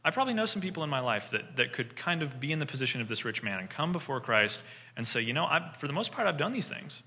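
A man preaching a sermon, retelling scripture with lively storytelling and acting out the lines of the people he quotes. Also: a little high, fast talker, in a large hall. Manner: animated storytelling, voices quoted figures.

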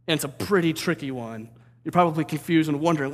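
Energetic man preaching a sermon. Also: on the high side, quick pace, long reverb tail. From St. Louis, USA. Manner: energetic, conversational, keeps asking "right?".

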